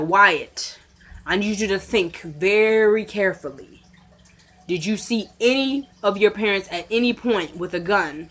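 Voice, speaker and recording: A woman's voice: medium pitch, fairly bright tone. A woman casually recapping a TV drama episode for her viewers, retelling the scenes by acting out the characters' lines and talking straight to her audience. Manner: chatty, addresses viewers directly. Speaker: recap vlogger. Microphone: camera mic.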